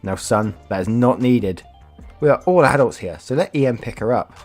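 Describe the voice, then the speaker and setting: A man's voice: mid-range voice, animated, moderate pace, lightly acted. A man voicing a smug, commanding older man with an evil streak, with faint music behind.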